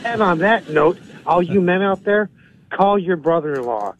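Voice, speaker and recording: A man calling in to a radio show and telling a joke at a steady pace. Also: high voice. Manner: steady storytelling. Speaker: caller. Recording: dry tinny phone line.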